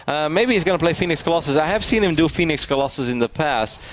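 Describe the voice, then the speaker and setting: A man's voice: a little high, expressive, quick pace, a little hiss or hum. Chatty laughing male esports caster. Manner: chatty, laughs often, tells anecdotes. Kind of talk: live esports commentary.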